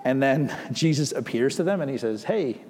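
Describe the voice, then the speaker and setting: A man's voice: medium pitch, normal speed, a little mellow, long reverb tail, slight background noise. A man preaching a sermon as a pastor, speaking conversationally and acting out the people in the story. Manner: conversational, acting out quoted voices.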